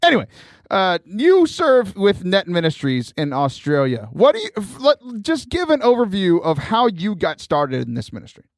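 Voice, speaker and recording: A man hosting a podcast, telling stories in an animated way and laughing often. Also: high voice, normal speed, no echo, clean studio sound. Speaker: podcast host. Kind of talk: casual chat.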